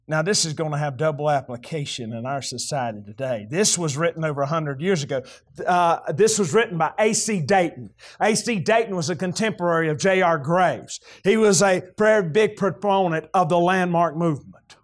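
A man with a Southern US accent preaching a sermon in a church, folksy and animated, often rising into shouts. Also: fairly high pitch, fairly quick. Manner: folksy, animated, breaks into shouts when excited. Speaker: pastor.

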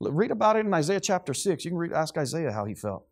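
A man preaching a sermon to his congregation, swinging from quiet, low remarks to loud, high outbursts. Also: very animated, fast, hardly any pauses. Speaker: pastor.

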